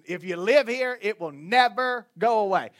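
A man from Northwest Florida with a Southern accent, preaching a sermon to his congregation with jokes and lively stories. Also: high-pitched. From Northwest Florida, USA. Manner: joking, animated storytelling, quick asides to the crowd. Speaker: pastor.

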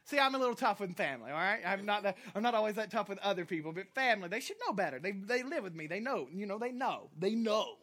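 A woman from Florida preaching a sermon, blunt and animated with scolding asides. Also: medium pitch, fast, hardly any pauses. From Florida, United States. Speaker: pastor.

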